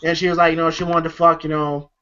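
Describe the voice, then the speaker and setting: Male reviewer, high voice, rambling and profane, laughs a lot; muffled lo-fi sound. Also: little pitch movement, quick pace, a crowd in the background. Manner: rambling, laughing, swears freely. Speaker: movie reviewer. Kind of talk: casual movie recap.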